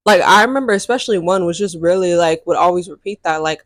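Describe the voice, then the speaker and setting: A young adult woman telling a dating story to camera in a sassy, animated way, laughing often and swearing freely. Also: on the low side, fast, hardly any pauses, dry recording, studio quality. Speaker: vlogger. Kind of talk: casual storytime chat.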